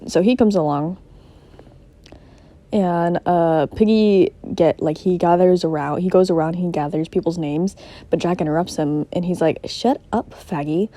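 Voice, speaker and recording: A woman's voice: fairly low pitch, fairly even intonation, normal speed, mellow. A teenage girl casually summarizing a book, rambling and jokey, with many "like"s. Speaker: student doing a book summary. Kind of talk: casual chat.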